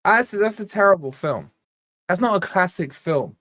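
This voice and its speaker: A man hosting a football fan channel's live watch-along, bantering casually with his chat and breaking into quick play-by-play commentary. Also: high-pitched, lively intonation, fairly bright tone, no echo, clean studio sound. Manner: chatty, teasing, jumps between quiz talk and play-by-play.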